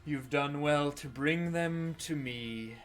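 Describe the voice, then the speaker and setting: A man voicing a cold, condescending spectral villain lord who speaks slowly and mockingly over faint music. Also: fairly high pitch, a bit bright, smooth. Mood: mocking, menacing. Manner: slow, drawn-out, mocking and condescending.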